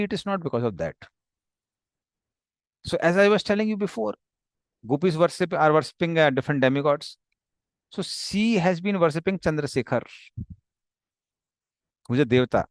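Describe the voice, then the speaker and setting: A man with a fairly high voice leads a scripture class, working through the text in a halting way with fillers and restarts. The sound is dry and close, with no room around it. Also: animated, no room sound. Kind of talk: explaining a text, paraphrasing dialogue.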